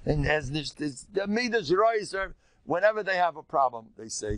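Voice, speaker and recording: An older man, a rabbi giving a Torah lesson in an animated storytelling way, acting out quotes. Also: a little high, moderate pace. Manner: animated storytelling, acts out quotes, mixes in Yiddish and Hebrew. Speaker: rabbi teaching a class.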